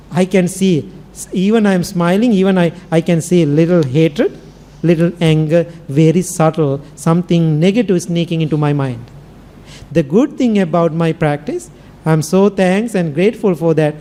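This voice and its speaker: A man's voice: sits high, mellow. A man with a Sri Lankan accent, a Buddhist monk giving a dharma talk and telling a story in simple English. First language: Sinhala. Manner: storytelling with simple non-native English phrasing.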